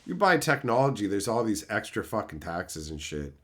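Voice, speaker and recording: A middle-aged man ranting sarcastically at his live chat in casual, profane talk, breaking into loud mocking outbursts. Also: lowish voice, sing-song, normal speed. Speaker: streamer reading live chat.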